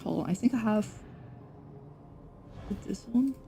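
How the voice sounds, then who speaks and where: A woman's voice: mid-range voice, takes it slowly, vocal fry, dark tone, slight background noise. A young woman streaming a game, chatting casually and rambling, correcting herself and swearing now and then. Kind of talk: casual livestream chat.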